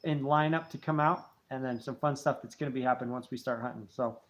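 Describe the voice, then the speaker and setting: A man's voice: medium pitch, steady tone, fast, dull audio. A man in his thirties, hosting a casual late-night livestream, friendly and rambling as he thanks viewers. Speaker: channel host.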